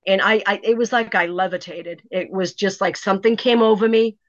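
Woman, middle-aged, animated storyteller, dull lo-fi recording. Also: mid-range voice, a little fast, dry recording. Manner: animated, lots of "you know" fillers. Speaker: author guest. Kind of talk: storytelling in an interview. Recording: dry, dull lo-fi sound.

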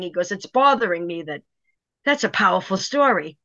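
Woman, middle-aged, animated storyteller, dull lo-fi recording. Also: medium pitch, quick pace, dry recording. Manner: animated, lots of "you know" fillers. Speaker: author guest. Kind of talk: storytelling in an interview. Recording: dry, dull lo-fi sound.

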